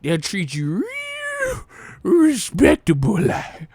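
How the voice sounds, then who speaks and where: A giddy, childish grown man squeals in a high, singsong voice, as a man puts him on, drawing out his words. The silliness swoops up and down. The sound is dry and close. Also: wildly swooping pitch, darkish tone, dry recording, full character voice. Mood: giddy silly. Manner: squealing, drawn-out, singsong delivery.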